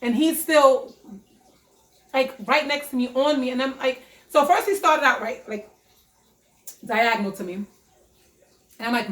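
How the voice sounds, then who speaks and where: A young woman tells a story straight to the camera in a casual vlog, animated and blunt, swearing for emphasis. Her voice sits a little high, and it rings in an echoey room. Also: a little slow, long pauses. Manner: animated, profane, emphatic retelling. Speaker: vlogger.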